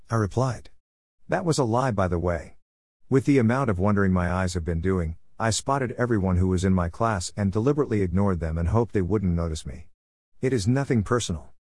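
Male narrator, low voice, reflective and wry, first-person story reading, dry close sound. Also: animated, brisk, a little mellow, dry recording.

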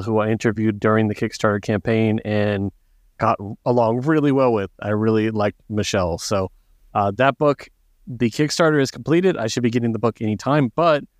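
A man's voice: medium pitch, no room sound, clean studio sound. Upbeat man hosting a podcast. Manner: friendly and upbeat, hosting the wrap-up. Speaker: podcast host. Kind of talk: casual podcast chat.

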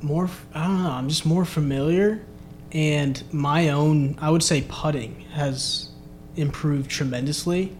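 A man, a caddy, chatting as a podcast guest, with a fairly high voice. He tells his stories animatedly, laughing often and restarting his phrases as he goes. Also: measured pace, slight background noise. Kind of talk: casual chat.

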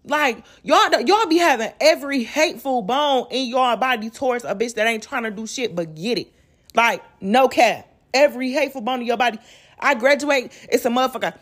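A woman's voice: sits high, a little fast. A woman hosting a podcast, ranting casually and bluntly with lots of profanity, acting out what other people say. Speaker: podcast host. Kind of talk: casual rant.

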